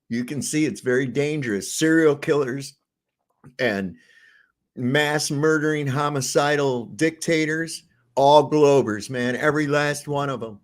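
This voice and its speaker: A man's voice: a little high, a little slow. A man in his sixties hosting casual commentary, sarcastic and cursing freely.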